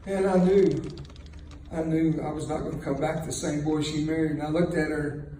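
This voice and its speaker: A man's voice: a little high, steady tone, normal speed, warm tone. Older man telling stories in an echoey room. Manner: folksy, joking, chuckling through lines. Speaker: speaker telling his war story. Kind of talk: storytelling talk to an audience. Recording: very echoey room, distant mic, faint noise.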